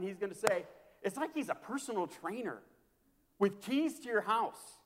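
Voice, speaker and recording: A man preaching a sermon as a pastor, impassioned and repetitive, swinging from hushed to loud. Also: high-pitched, expressive, normal speed. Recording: long hall reverb.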